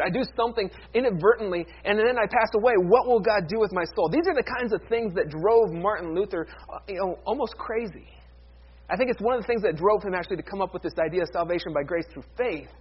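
A man preaching a sermon as pastor, emphatic, moving from loud declarations down to hushed near-whispers. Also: high-pitched, breathy edge, dull audio.

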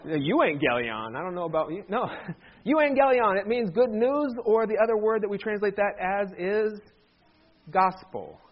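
A man with a high voice preaches to his congregation in a relaxed, conversational way, slipping in jokes along the way. The sound is dull and lo-fi, like a church sermon recording. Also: normal speed. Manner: conversational, joking asides. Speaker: pastor.

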